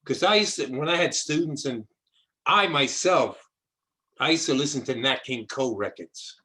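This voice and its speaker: Hosting a casual video-call interview, an older man from New York's South Bronx rambles, repeats words and keeps restarting. His medium-pitched voice is expressive and sharp in tone, moving at a moderate pace over a rough recording.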